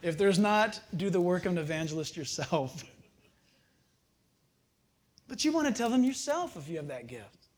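An older man preaching a sermon, telling stories with animated, chuckling asides. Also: high voice, normal speed, long pauses. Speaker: pastor.

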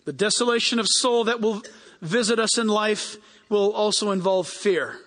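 A man preaching a sermon as pastor, animated and acting out the people he quotes. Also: high-pitched, normal speed. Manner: animated, acts out quoted people in raised voices. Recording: long hall reverb.

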